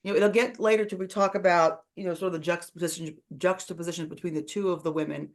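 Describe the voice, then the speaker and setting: A woman's voice: lowish voice, fairly even intonation, fast. A woman hosting an online book club discussion over a video call, chatty and full of fillers.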